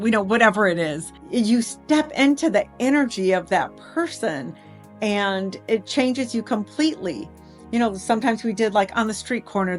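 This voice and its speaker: A middle-aged woman giving a motivational talk as an improv teacher, telling lively stories and acting out dialogue. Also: mid-range voice. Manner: lively storytelling, acts out dialogue. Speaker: improv teacher and life coach.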